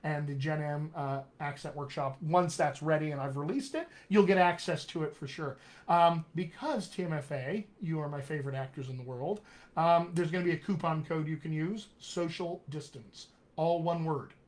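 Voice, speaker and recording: A man with a General American accent, a dialect coach giving a chatty, upbeat live-streamed session and spelling out web addresses slowly. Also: fairly high pitch.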